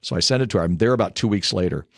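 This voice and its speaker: An older man with a low, deep voice, telling warm family anecdotes as an interview guest. His talk is chatty and rambling, with the odd laugh. The sound is dry and close, with no room echo. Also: very fast, creaky. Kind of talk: casual interview storytelling.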